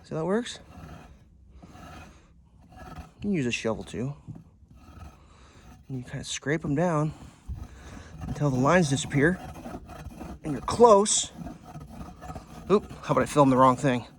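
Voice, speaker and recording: A home builder films a casual how-to vlog at an outdoor building site, digging and scraping as he talks bluntly, jokes and swears freely. His voice is fairly high with lively intonation, a little slow with long pauses, and it's recorded on a handheld camera, some of it held one-handed by himself, with slight background noise.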